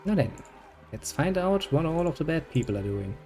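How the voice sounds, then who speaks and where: A man's voice: fairly high pitch, sing-song, moderate pace, darkish tone, faint music behind. A man hosting a gaming video, chatting casually and joking as he plays, swearing freely. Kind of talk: casual gameplay commentary.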